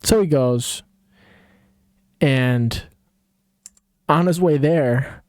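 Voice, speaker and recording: Slow, sarcastic man retelling a story. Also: medium pitch, expressive, darkish tone, no echo, clean studio sound. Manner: sarcastic, rambling with restarts. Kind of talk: casual comedic retelling.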